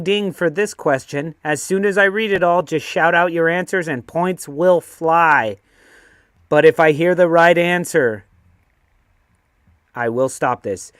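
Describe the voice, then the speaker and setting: High-voiced man hosting a trivia quiz. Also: fairly bright tone, no room sound, studio quality. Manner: jokey, reads out questions and rules quickly. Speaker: trivia host. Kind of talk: casual quiz hosting on a video call.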